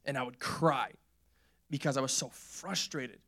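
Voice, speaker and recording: A man's voice: medium pitch, a little slow, creaky, sharp tone, husky. A young man preaching a casual, conversational sermon in a church, repeating phrases and laughing often.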